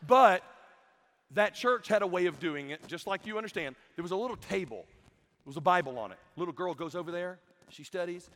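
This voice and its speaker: A young adult man giving a comedic youth sermon, telling stories in an animated way and mimicking the people in them. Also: high-pitched, a little fast. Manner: animated storytelling with mimicked voices. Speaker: youth camp speaker. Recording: long hall reverb.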